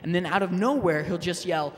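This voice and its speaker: A man doing a stand-up set, halting and deadpan, with fillers and restarts. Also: sits high. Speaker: stand-up comedian. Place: public access TV studio stage. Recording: long hall reverb.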